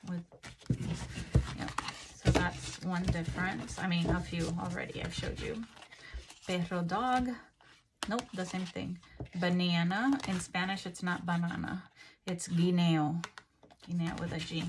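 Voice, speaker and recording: A woman's voice: fairly low pitch, fairly even intonation, unhurried, pauses often, noisy background. A woman from Rico, chatting casually as she unwraps and reads out craft haul items. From Puerto Rico. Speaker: craft channel host.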